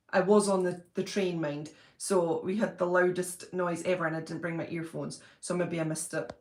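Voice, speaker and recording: Woman, live-stream host, chatty and laughing, reads viewer comments aloud; mid-pitched voice, echoey room. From Britain. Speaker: channel host reading live chat. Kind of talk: casual live-stream chat. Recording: roomy echo.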